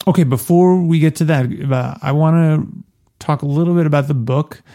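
Gravelly-voiced playful male podcast host. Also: on the high side, moderate pace, mellow. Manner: chatty, playful, laughs often. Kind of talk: casual chat.

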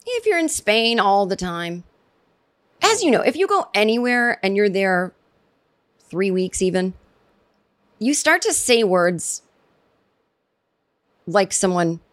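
Rambling, animated woman podcast host. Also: mid-range voice, slow pace, long pauses. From United States. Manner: rambling, animated, sarcastic asides. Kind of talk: casual solo podcast commentary.

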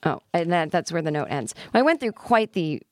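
A candid, self-deprecating woman with a lowish voice talks through a casual solo podcast, laughing now and then. She sounds middle-aged. Her voice is close to the mic in a dry, dead room with no echo. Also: big pitch swings, moderate pace. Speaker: podcast host.

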